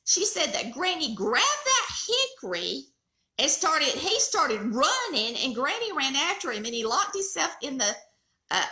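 A woman's voice: sits high, roomy sound. A middle-aged woman with a Southern accent, hosting a cooking channel and telling family stories in a folksy, chatty way. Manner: folksy, animated storyteller. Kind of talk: casual storytelling chat.

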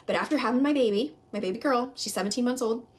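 A young woman recruiter giving an emphatic, repetitive sales pitch to her team, often calling them "you guys". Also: fast talker. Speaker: network marketing recruiter.

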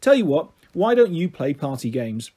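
A man's voice: a little high, very animated, normal speed, warm tone, slightly rough. A man voicing a cheerful, jokey father with an upbeat, encouraging manner in a storybook reading.

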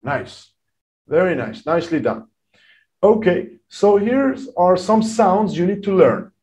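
A man teaches a beginner English class at an unhurried, deliberate pace. His pitch rises and falls a lot as he stresses key words for learners. The delivery is careful and drawn out. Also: big pitch swings, mellow.

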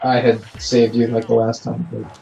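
A man co-hosting a let's play, cracking dry deadpan jokes in casual banter. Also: mid-range voice, normal speed, gravelly. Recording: dull lo-fi mic.

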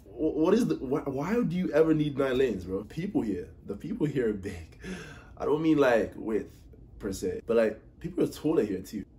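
A man's voice: medium pitch, sing-song, normal speed, mellow. A young British man from the UK chatting casually in a vlog, ranting animatedly with exasperated mock impressions. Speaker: vlogger.

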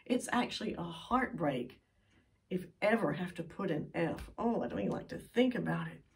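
A woman's voice: mid-range voice, gravelly, a little mellow, distant mic. An older woman giving an earnest, pleading sermon as a Bible teacher, with emphatic sighs of "oh".

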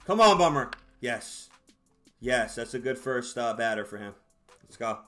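A man commentating his own baseball video game, excitable and exasperated, shouting at his players. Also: mid-range voice, a little slow, faint music behind. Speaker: gaming YouTuber. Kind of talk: live gameplay commentary.

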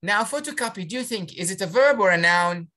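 A woman's voice: medium pitch, animated, a little fast, sharp tone. A woman teaching an online spelling lesson on a video call, encouraging her pupils and sounding out syllables.

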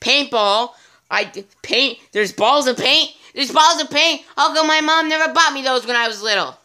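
A man's voice: extremely high pitch, moderate pace, sharp tone, clear, resonant tone, full character voice. A man playing a naive, clueless grown man in a fan-made skit, sounding bewildered.

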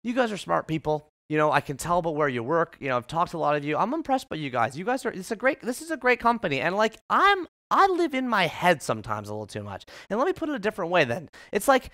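A man giving a live keynote to an office audience, telling a story in an animated, conversational way with many filler "like"s. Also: high voice, fast talker, hardly any pauses, dry recording, clean studio sound. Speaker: keynote speaker. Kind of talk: motivational storytelling talk.

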